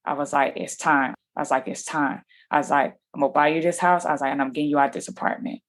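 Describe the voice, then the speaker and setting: Slangy, animated woman with a lowish voice. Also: racing. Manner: animated, slangy, acts out quoted dialogue. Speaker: podcast guest. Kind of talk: casual storytelling interview.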